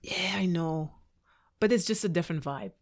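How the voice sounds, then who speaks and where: A young adult woman with a French accent, a dancer and choreographer chatting as a podcast guest, laughing often and pausing with ums. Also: on the low side. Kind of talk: casual interview chat.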